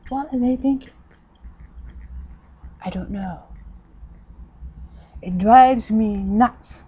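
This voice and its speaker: A woman ranting bluntly and sarcastically in a casual vlog, jumping from loud outbursts to low mutters. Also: breathy edge, muffled recording. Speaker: vlogger.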